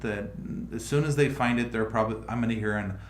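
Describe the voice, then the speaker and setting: A man's voice: on the low side, fast, roomy sound, slight background noise. A man hosting a casual livestream, thinking aloud with frequent restarts as he explains how a project is going. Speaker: livestream host.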